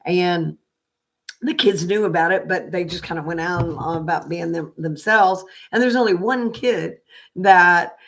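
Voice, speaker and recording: A woman's voice: fairly low pitch, a little slow, creaky, fairly bright tone, a little hiss or hum. Older lady from oklahoma chatting on her stream, rambly and chatty, lots of ums and restarts. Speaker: psychic reader and channel. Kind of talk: casual livestream chat.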